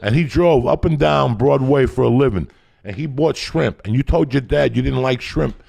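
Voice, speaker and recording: A man, hosting a podcast and telling a story loudly, swearing constantly and acting out every voice. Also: mid-range voice, moderate pace, vocal fry. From North Bergen, New Jersey. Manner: loud, animated, swears constantly, acts out every voice. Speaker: podcast host. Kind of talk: profane storytelling in casual chat.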